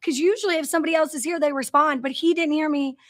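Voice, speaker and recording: Chatty woman host on a company livestream, high voice, talks from an office. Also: fairly even intonation, fast talker. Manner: chatty storyteller, greets viewers by name. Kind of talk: casual livestream chat. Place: office in a large factory building.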